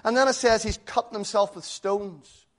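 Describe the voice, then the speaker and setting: Guy preaching, fairly high voice, earnest and chatty, keeps asking the room questions. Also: fairly even intonation, normal speed. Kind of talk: sermon.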